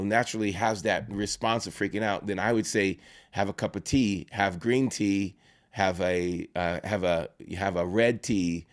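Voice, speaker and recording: A man, a pastor and life coach, giving earnest advice in an interview, often restarting phrases and checking in with "right?". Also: fairly low pitch. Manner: earnest, repeats himself and restarts phrases, tags points with "right?".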